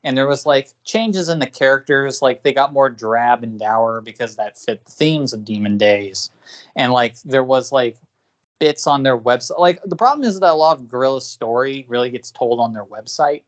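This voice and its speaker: A podcast co-host with a medium-pitched voice talks at a moderate pace in a casual discussion. He rambles at length, leaning heavily on fillers and restarting his sentences often.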